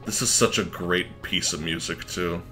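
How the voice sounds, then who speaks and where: A man streaming a game live, chatting excitably and swearing when worked up. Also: low-pitched, normal speed. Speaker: let's play streamer. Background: faint game music.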